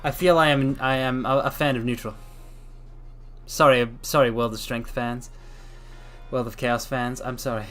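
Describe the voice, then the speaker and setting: A man's voice: medium pitch, fairly even intonation, moderate pace, pauses often, a bit bright, soft background music. A man streaming and chatting casually while out of breath, rambling and apologetic, repeating himself. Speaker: VTuber streamer. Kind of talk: casual livestream chat.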